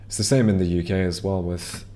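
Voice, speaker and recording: A man's voice: sits low, fairly even intonation, a little fast, noisy background. A man streaming a video game, chatting casually to viewers, rambling with many ums and restarts. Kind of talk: casual gameplay commentary. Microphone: headset or desk mic.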